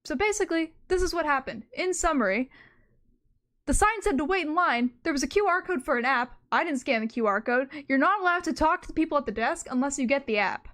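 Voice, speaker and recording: Young woman, high voice, streamer, casual rambling story, self-mocking, swears. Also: expressive, fairly quick, fairly bright tone. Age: young adult.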